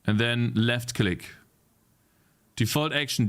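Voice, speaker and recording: In an expressive, unhurried mid-range voice with a bit of brightness, a man livestreams his game dev work. He reads viewers' messages aloud and replies, venting in exasperated, swear-filled rants.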